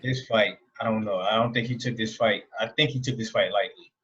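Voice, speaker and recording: A man co-hosting a boxing talk show, chatting in a relaxed, hesitant way. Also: fairly low pitch, brisk, husky, lo-fi sound. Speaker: boxing podcast co-host. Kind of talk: casual chat.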